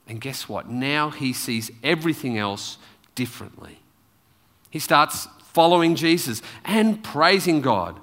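A man preaching a sermon in a church, telling the story with lively, animated delivery. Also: mid-range voice, in a large hall.

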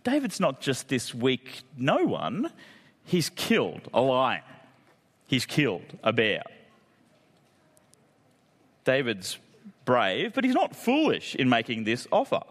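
Lively man preaching in a hall. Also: mid-range voice, takes it slowly, pauses often. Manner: conversational, jokey asides. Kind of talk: sermon. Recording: long reverb of a hall.

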